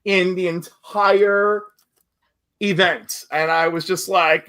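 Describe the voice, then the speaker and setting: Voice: mid-range voice, slow. A podcast co-host from New York telling stories in casual chat, acting out quotes along the way. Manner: animated storyteller, acts out quotes.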